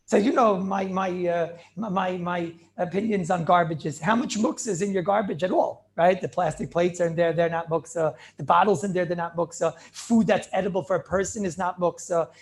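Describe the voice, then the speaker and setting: A man, a rabbi, giving a lively class, asking questions, laughing often and repeating words as he restarts. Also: high-pitched, a little fast, few pauses. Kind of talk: lively Talmud class lecture.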